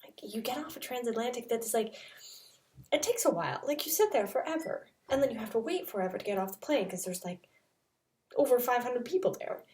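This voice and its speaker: A young woman chats through a travel story, leaning on "like" as filler. Her voice sits a little high. She sounds somewhat distant from the mic. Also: lively intonation, brisk, a little mellow. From Canada. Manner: chatty, lots of "like" fillers. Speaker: vlogger.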